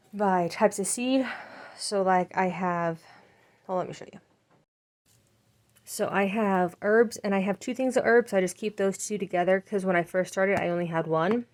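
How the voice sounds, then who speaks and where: A woman's voice: medium pitch, steady tone, normal speed, pauses often. A woman in her thirties chatting casually in a home gardening vlog, rambling with frequent ums. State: out of breath. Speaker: gardening vlogger.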